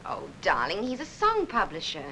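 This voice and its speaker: An actress playing an affectionate young woman who talks to her sweetheart in a brisk, cheerful, organising manner. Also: medium pitch, huge pitch swings, sharp tone, slight background noise, low-quality recording.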